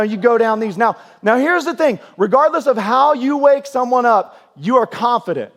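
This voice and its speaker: A man in his forties preaching a sermon in a church, telling stories in a lively way and acting out scenes with sudden loud outbursts. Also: very high-pitched, normal speed, few pauses. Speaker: pastor. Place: church sanctuary.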